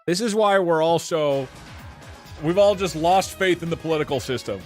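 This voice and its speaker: A man's voice: a little high, normal speed, a little mellow, faint music behind. A young man hosting a stream, chatting casually and rambling through wry asides to his chat. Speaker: streamer host.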